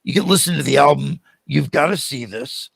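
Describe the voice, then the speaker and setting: Gravelly older man telling stories. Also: a little high, a little fast, no room sound. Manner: animated, acts out quoted voices. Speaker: podcast guest. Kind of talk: storytelling in a podcast interview.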